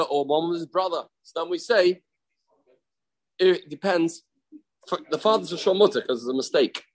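A man's voice: a little high, low-quality recording. A man teaching a daily Talmud lesson, explaining the text, acting out its cases and repeating key phrases for emphasis.

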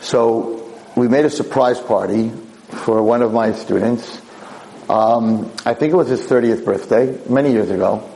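A man giving a Torah lecture, telling a story in a lively, animated way, acting out the people in it. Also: measured pace, vocal fry, a little hiss or hum, rough recording. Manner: animated, acts out yelling characters in high pitch. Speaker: rabbi lecturer.

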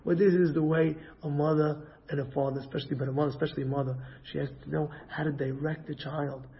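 A man giving an inspirational religious talk on parenting, animated and acting out family dialogues. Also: a little high, quick pace, dull audio. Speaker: Torah lecturer giving parenting advice.

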